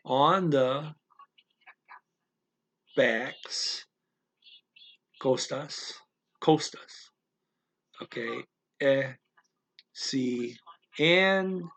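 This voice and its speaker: A man teaching a casual language lesson, explaining slowly and haltingly with many fillers and repeated words. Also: medium pitch, fairly bright tone.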